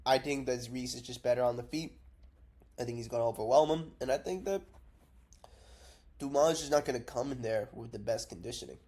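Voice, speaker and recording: Guy rambling through fight picks, swears a lot, sounds kinda sick and groggy, middle pitch. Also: fairly quick, long pauses, darkish tone. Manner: rambling, profane, blunt. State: unwell, drowsy from cough syrup. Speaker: MMA predictions vlogger. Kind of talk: casual unscripted commentary.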